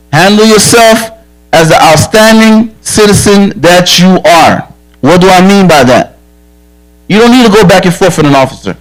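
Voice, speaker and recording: A police officer with a high-sitting voice gives children at a church camp a direct, earnest safety talk. He tells stories from his own life frankly, and the recording is low quality.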